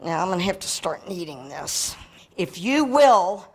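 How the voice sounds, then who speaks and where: A woman hosting a cooking segment, talking through each step of a recipe in a relaxed, chatty way. She laughs easily and keeps up light banter while she works. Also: lowish voice, unhurried, breathy edge. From United States. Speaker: cooking show chef. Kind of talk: casual cooking demonstration.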